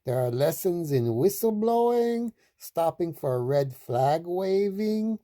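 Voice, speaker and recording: A woman reading children's picture books aloud in a slow, expressive, sing-song way. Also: on the low side. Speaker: storytime reader.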